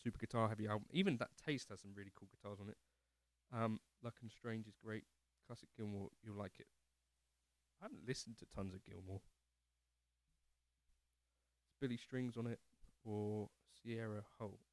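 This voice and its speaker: A man's voice: lowish voice, fairly even intonation, normal speed, dry recording. Male streamer, self-deprecating and rambly, dry close sound. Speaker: livestream host. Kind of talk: casual livestream chat, reading comments. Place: home living room.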